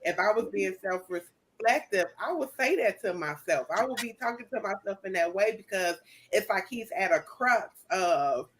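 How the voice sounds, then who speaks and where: A woman's voice: medium pitch, lively intonation, moderate pace, a little hiss or hum. A woman co-hosting a podcast, talking casually and reflectively about a favorite song's lyrics. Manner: reflective, chatty, many fillers. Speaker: co-host.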